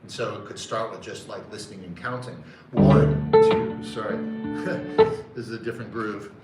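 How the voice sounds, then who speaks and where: A man's voice: fairly low pitch, normal speed, far from the mic. A man teaching a live music lesson in a casual, hesitant way, often counting beats aloud. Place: conference center room. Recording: roomy sound from off-mic with loud music.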